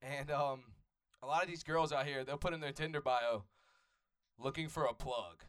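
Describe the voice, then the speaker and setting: A man's voice: mid-range voice, moderate pace, smooth. A young man from Atlanta with a Southern Atlanta accent, doing loose, profane stand-up crowd work on a comedy club stage. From Atlanta, USA. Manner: loose, profane, riffs with the audience.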